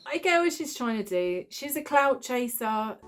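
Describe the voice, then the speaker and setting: A woman's voice: fairly high pitch, sing-song, moderate pace, faint music behind. A woman hosting a reaction video, mocking a film with sarcastic, exasperated commentary and frequent swearing.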